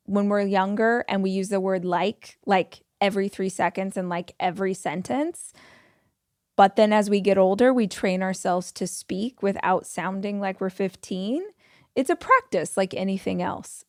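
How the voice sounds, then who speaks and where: A woman's voice: medium pitch, a little mellow, no echo, clean studio sound. A woman in her forties hosting a podcast, giving firm, emphatic self-help advice in a motivational monologue. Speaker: podcast host.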